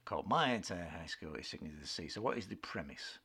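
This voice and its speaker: Low-voiced man in his fifties. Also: lively intonation, fast, sharp tone. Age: 50s. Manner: opinionated, chatty, clears throat often. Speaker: podcast co-host. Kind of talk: casual film chat.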